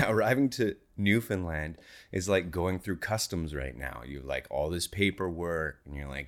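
A man with a very low, deep voice chats loosely on a podcast, trailing off and restarting his thoughts. He is self-deprecating and quick to laugh. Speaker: podcast co-host and actor. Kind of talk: casual chat.

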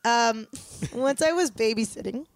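A woman's voice: on the high side, unhurried, no echo. Teasing woman on a podcast. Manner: teasing, questioning. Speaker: podcast co-host. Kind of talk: casual podcast chat.

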